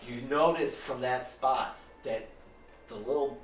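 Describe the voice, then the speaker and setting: A man running a tabletop game as game master, narrating with excitement, laughing often and swearing casually. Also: medium pitch, measured pace, faint music behind. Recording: echoey room, distant mic, noisy.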